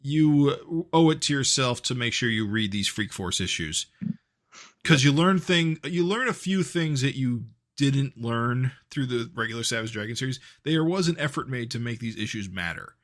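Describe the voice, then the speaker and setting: A man hosts a casual podcast in an ordinary mid-range voice. He talks haltingly, circling back and restarting his phrases. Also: medium pitch, expressive, a bit bright. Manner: halting, many fillers and restarts. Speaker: podcast co-host.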